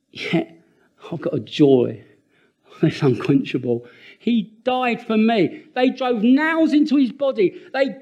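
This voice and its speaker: High, lively older male preacher. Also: husky. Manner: animated and earnest, with laughing asides and repeated words. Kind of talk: sermon.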